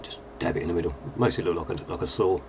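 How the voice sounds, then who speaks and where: Deep-voiced man explaining makeup. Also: fast talker, noisy background. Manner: relaxed, chatty, with fillers. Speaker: lookalike performer giving a tutorial. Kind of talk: casual makeup tutorial.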